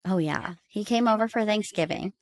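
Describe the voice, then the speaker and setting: Animated, blunt woman podcast co-host. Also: mid-range voice, normal speed. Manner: animated, laughs often, blunt and profane. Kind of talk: casual podcast chat.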